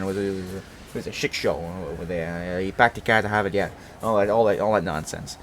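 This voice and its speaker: A Brooklyn, New York channel host in his twenties chats casually with a fairly low voice, racing along with hardly any pauses. He rambles, swears often, laughs and corrects himself, with slight background noise behind him.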